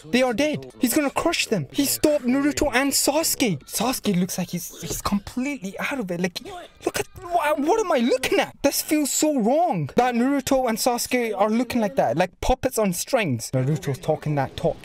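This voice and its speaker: A man who hosts an anime reaction channel talks into a desk microphone at normal speed with an extremely high voice. His live commentary builds into excited shouting and disbelieving stammers.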